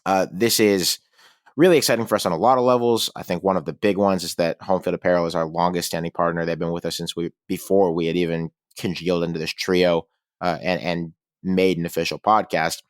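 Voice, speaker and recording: A man's voice: low voice, fairly even intonation, fairly quick, no echo, clean studio sound. A man co-hosting a casual college football podcast, chatting and reading sponsor spots with enthusiasm. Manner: conversational, reads sponsor reads with enthusiasm. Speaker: podcast co-host. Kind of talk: casual sports podcast talk.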